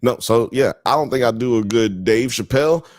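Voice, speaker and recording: At medium pitch and normal speed, a laid-back man from the US South and Midwest runs a live show, casually reading chat comments and riffing on them. The recording is dry, with clean studio sound.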